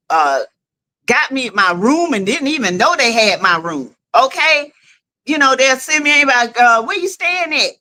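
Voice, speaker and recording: A woman hosting a casual livestream, chatty and quick to laugh, calling her viewers y'all and honey. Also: sits high, pushed and bright. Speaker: livestream host.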